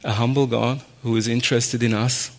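A man speaks at an ordinary mid-range pitch as he shares a personal faith story. He is earnest and a little halting, restarting his sentences and slipping in short laughs as he goes. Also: flat delivery. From raised in a Muslim family. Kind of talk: personal testimony talk.

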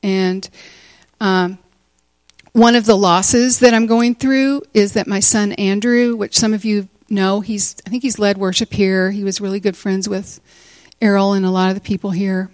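A woman in her sixties telling a personal story to a church gathering, animated and often laughing. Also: mid-range voice, unhurried, no room sound. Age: 60s. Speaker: teacher speaking at a church retreat.

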